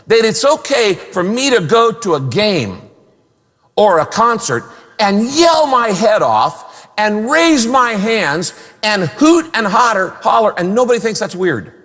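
A pastor preaching a sermon in an emphatic, animated way, asking the crowd rhetorical questions. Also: male voice, high voice, a little slow, in a large hall.

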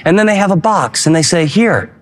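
A man preaching a radio sermon, animated, with dramatic swings between slow emphasis and quick asides. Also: sits high. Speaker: pastor.

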